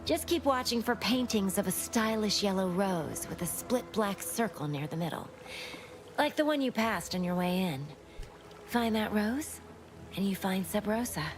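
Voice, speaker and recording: A woman voicing a smooth, sly black market contact in a video game, speaking in a genteel, hushed manner. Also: mid-range voice, lively intonation, moderate pace, close to an everyday voice.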